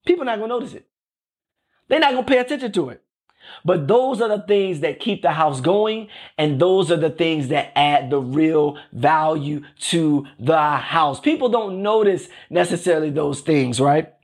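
High-voiced man preaching conversationally. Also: moderate pace. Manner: repeats phrases and keeps asking "right?". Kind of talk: conversational sermon.

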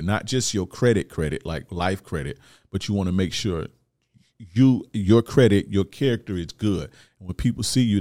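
Casting: 30s man, low-pitched, dry close sound, profane street-talk advice host. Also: darkish tone, no room sound. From Florida, USA. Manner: profane, blunt street slang, repetitive. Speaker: host giving life advice to men. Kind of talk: casual ranting monologue.

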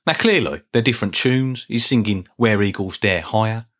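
A man's voice: on the low side, normal speed. A middle-aged man hosting a solo podcast, talking in a chatty, rambling, self-deprecating way with small restarts. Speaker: podcast host. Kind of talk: casual solo podcast talk.

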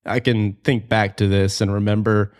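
Young guy podcasting, low voice, earnest and emotional, lots of ums and likes. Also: level tone, moderate pace. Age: 20s. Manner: earnest, candid, peppered with fillers and casual swearing. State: emotional, close to tears. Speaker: podcast host. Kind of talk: personal reflective monologue.

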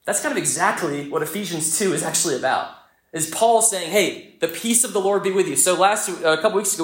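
A young man preaching a sermon, telling a story in a lively, conversational way. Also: on the high side. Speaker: pastor. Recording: echoey church room.

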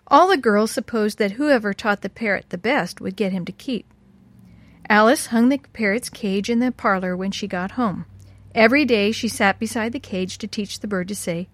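A woman reading a children's story aloud in a gentle, expressive way. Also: mid-range voice, moderate pace, dry recording.

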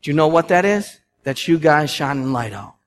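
Young pastor, a man with a slightly higher voice, preaching lively stories that swing from loud to hushed. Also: moderate pace, slight background noise. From Massachusetts. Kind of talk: sermon.

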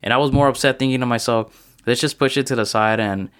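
A man's voice: medium pitch, fast talker, fairly bright tone. A young man hosting his own casual podcast, a little out of breath, telling a story in a rambling way with frequent restarts. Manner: rambling and self-correcting storytelling. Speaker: podcast host. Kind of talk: casual solo motivational podcast talk.

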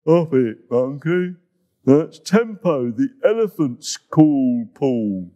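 A big male hippo in a storybook mumbles through a muffled mouth. He speaks slowly and lazily, as a man voices him. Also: medium pitch, lively intonation, dark tone, pitched below the performer's own voice. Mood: grumbling.

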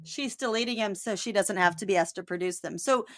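A woman's voice: fairly quick, a bit bright. A woman co-hosting a podcast, chatting casually and wryly, acting out quotes as she recaps. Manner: wry, acts out quotes with lifted pitch. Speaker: podcast co-host.

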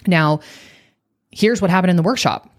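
A woman coach talking on a podcast, guiding listeners through an exercise and telling a story from a workshop in an animated way. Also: on the low side, moderate pace. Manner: animated, acts out quoted voices.

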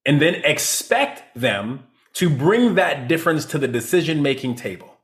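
A man's voice: fairly high pitch, animated, moderate pace. A man who is a leadership consultant, speaking as an interview guest with emphatic points and frequent "right?" tags. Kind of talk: interview answers.

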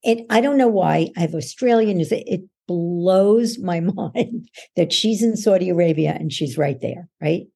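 A woman's voice: lowish voice, unhurried, gravelly, warm tone. A woman guest on a podcast, a coach who explains how beliefs form in a patient, instructive way and acts out everyday voices to make her points. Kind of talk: explanatory interview answer.

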